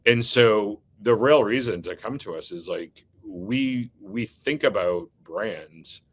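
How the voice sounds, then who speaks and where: A man's voice: on the low side, slow, slightly rough. A man being interviewed as an agency leader, speaking earnestly with many fillers and restarts. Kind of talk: casual interview talk.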